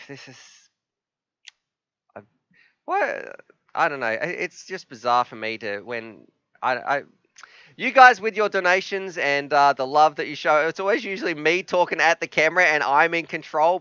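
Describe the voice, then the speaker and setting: Bright, crisp-voiced stream host. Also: male voice, mid-range voice, dry recording. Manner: emotional, halting, reads chat messages aloud. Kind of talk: casual live stream chat. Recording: slightly dull, dry sound.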